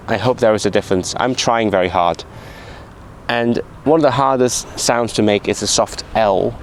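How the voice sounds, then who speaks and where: A man vlogging about learning a language, explaining pronunciation and slowly sounding out syllables. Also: on the low side, a little hiss or hum. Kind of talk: casual vlog commentary. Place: outdoors in a city.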